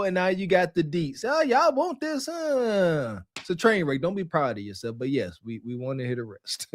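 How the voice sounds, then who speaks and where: A podcast co-host in a playful, mocking mood who jokes about the clip. His voice sits high and swings widely, and the sound is dry and close. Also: very animated, moderate pace, dry recording. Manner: joking, teasing, laughs often. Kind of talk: reaction podcast banter.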